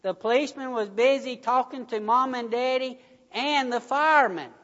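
A preacher delivering a sermon, telling a story slowly with emphatic stresses, in a church hall. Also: mid-range voice, fairly bright tone. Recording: dull recording, long hall reverb.

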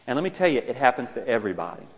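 A middle-aged man preaching a sermon in a conversational, self-deprecating way, rising to loud exclaiming. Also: mid-range voice, very animated, racing. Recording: muffled, with a long hall reverb.

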